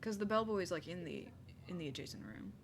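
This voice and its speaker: A woman's voice: on the low side, animated, fast, a little hiss or hum. A woman streaming a video game from her home desk, chatting casually and playfully and reading the on-screen text aloud with frequent giggles. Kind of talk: casual gaming commentary. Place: home desk with a squeaky chair.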